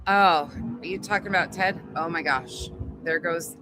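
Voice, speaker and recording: A woman's voice: lowish voice, moderate pace. A woman hosting a casual livestream, chatty and greeting viewers one by one, swearing freely as she talks. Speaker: livestream host. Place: indoors at home. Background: construction noise from upstairs.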